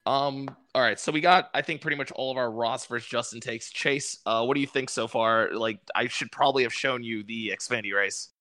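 A young man hosting a casual racing chat, excited and swearing freely. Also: medium pitch, a little fast, hardly any pauses, no room sound, clean studio sound. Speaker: podcast host.

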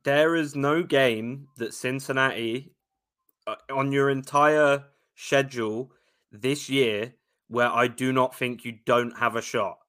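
A man's voice: mid-range voice, steady tone, slow, fairly bright tone. A man from South London with a London accent, a podcast guest joking and confidently talking through the game. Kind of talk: casual sports podcast chat.

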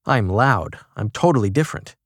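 A man narrating a magazine feature in a measured, even reading, shifting his tone a little for quoted lines. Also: on the low side, husky, no echo, studio quality. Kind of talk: scripted narration.

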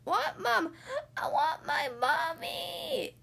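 Lady doing a crying little baby girl, super high and slow, clingy wail. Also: sing-song, vocal fry, pushed and bright, full character voice. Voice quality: shrill, crying.

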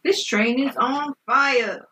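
A woman in casual chat recapping a movie, animated, swearing often and laughing. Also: high voice, slow, far from the mic, rough recording.

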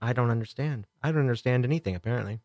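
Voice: medium pitch, very fast, darkish tone, dry recording. A commentary host making sarcastic, mocking asides over an interview clip.

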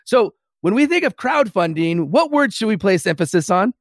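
A man hosts a casual podcast interview with plenty of enthusiasm, often turning to speak straight to his listeners. His voice is fairly high for a man. The sound is dry and close-miked. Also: sing-song, moderate pace, dry recording. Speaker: podcast host.

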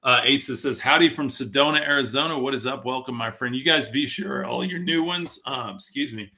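A man's voice: mid-range voice, brisk, sharp tone. A man hosting a casual live stream, rambling and reading viewer comments aloud, his voice worn from talking all day. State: losing his voice. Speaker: podcast host reading live chat. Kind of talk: casual livestream talk. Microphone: streaming from a tablet.

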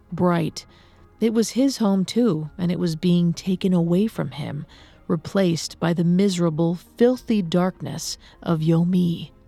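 A woman narrates a myth in a measured, even storytelling manner. Her voice is mellow and a little low, recorded dry and close. Faint music plays behind her. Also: gravelly, dry recording.

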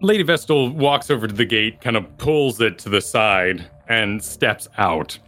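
A man narrating as game master in a tabletop game, describing scenes in a relaxed way with fillers. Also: on the low side, a little slow.

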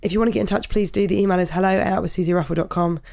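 A woman hosting a podcast, with a croaky voice, interviewing a guest and then signing off with enthusiastic praise. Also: lowish voice, steady tone, racing, a little mellow. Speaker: podcast host.

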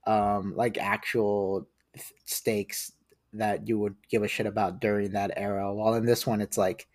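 A man's voice: lowish voice, a little slow, no room sound. Rambling young man, dry close mic. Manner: rambling, animated, lots of restarts and fillers. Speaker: podcast guest. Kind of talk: casual podcast chat.

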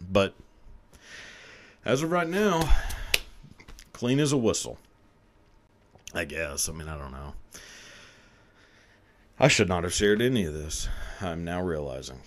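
Low-voiced, profane, laughing man. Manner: rambling, profane, laughs often. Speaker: podcast host. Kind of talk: casual confessional storytelling.

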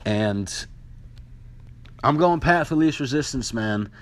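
A man ranting at length, swearing freely and piling up rhetorical questions. His pitch swings widely as he rises to outraged peaks and drops back into grumbling. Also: animated, slow pace. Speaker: vlogger. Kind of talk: profane ranting monologue.

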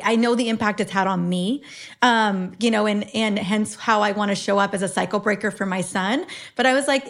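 A woman's voice: on the high side, a bit bright. A woman in her forties, a health expert talking as a podcast guest, earnest and reflective, often restarting her sentences. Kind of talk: casual conversation.

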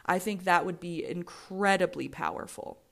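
A woman's voice: on the low side, normal speed, creaky, a bit bright. A woman in her twenties with an American accent, hosting a solo podcast in a candid, rambling way, swearing freely and often restarting her sentences. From United States. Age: 20s. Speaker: podcast host.

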